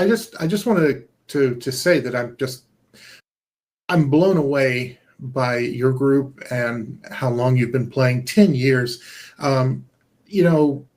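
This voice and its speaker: A man's voice: mid-range voice, a little mellow. A middle-aged man, a game developer guest, talking earnestly and rambling, with many fillers and restarts, over a video call. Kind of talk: casual conversation.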